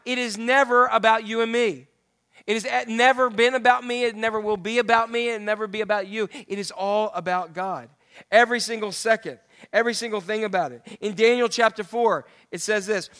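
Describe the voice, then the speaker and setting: A man preaching a sermon in a loose, conversational way, reading scripture and turning questions back to his listeners. His voice is high and bright. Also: normal speed. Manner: conversational, asks the audience questions.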